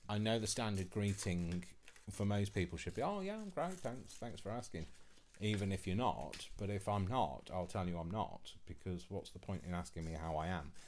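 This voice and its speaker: A man's voice: deep voice, steady tone, moderate pace, darkish tone, a little hiss or hum. A man hosting his own channel, chatting casually and earnestly, rambling and restarting his sentences as he explains himself. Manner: rambling, earnest, self-correcting with many restarts. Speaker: channel host. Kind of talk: casual chat.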